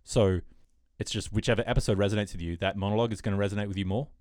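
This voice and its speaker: A man's voice: on the low side, fairly even intonation, very fast, a little mellow, dry recording, studio quality. A man co-hosting a podcast in a casual chat, rambling with lots of fillers as he retells TV scenes. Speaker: podcast co-host.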